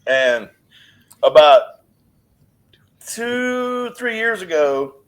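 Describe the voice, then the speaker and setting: A man in his fifties teases and jokes his way through a casual podcast chat. His voice sits a little high and swings up and down with lively pitch. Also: extremely slow. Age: 50s. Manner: teasing, jumps up and down in pitch. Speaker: podcast co-host. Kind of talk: casual profane banter.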